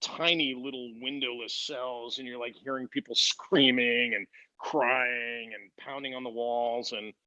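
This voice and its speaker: A man's voice: medium pitch, steady tone, a little slow, pushed and bright, dry recording. A man as an interview guest, telling his story casually, with many fillers and restarts. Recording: dull lo-fi dry sound.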